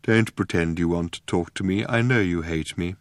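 Male reader voicing a glum robot, low flat drone, dry sound. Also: no room sound, lightly acted. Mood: dejected. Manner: slow, dejected drone. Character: gloomy depressed male robot, slow droning monotone.

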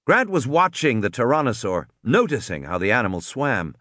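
A man narrating a story aloud, expressive, doing voices for the characters. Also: mid-range voice, normal speed, no room sound, clean studio sound. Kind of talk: audiobook reading.

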